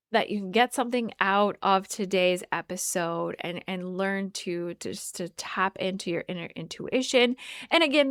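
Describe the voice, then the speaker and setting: A woman hosting a solo wellness podcast, talking in an earnest, halting way with many restarts. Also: medium pitch, no echo, clean studio sound. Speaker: podcast host. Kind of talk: reflective solo podcast monologue.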